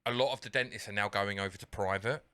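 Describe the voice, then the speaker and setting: Bright-voiced British man chatting. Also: lowish voice, quick pace, clean tone, dry recording. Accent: British English. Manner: animated, swears, acts out phone calls in raised voice. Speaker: podcast co-host. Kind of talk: casual chat.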